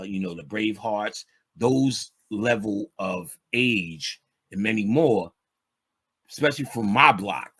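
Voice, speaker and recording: A man's voice: on the low side, fairly bright tone, husky. A man, telling street stories in a loose, streetwise way with plenty of swearing. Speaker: podcast guest speaker. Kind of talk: casual storytelling chat.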